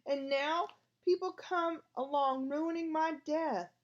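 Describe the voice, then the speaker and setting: A woman's voice: sits high, steady tone, slow, lo-fi sound, pitched above the performer's own voice. A woman voicing a whiny, tearful ghost girl who wails and pities herself. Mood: wailing. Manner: wailing, self-pitying.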